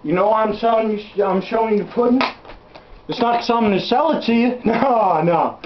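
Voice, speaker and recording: A man's voice: sits high, moderate pace, noisy background, natural voice. A man playing a crude, blustering backwoods salesman who rambles and curses while hawking junk, in a comic home-video sketch. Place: indoors at home. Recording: roomy, dull home camera audio.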